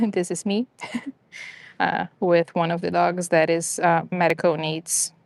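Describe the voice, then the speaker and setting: A woman's voice: fairly low pitch, fairly even intonation, takes it slowly, gravelly, a little mellow, dry recording. A woman chatting casually on a live stream about rescue dogs, rambling and upbeat with lots of fillers.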